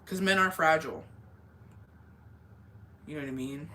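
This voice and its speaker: A woman's voice: low-pitched, moderate pace, pushed and bright. A young woman chatting casually and profanely as she answers viewer confessions, switching now and then into Spanish. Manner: profane, laid-back, slips between English and Spanish. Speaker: advice vlogger reading viewer confessions. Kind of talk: casual chat.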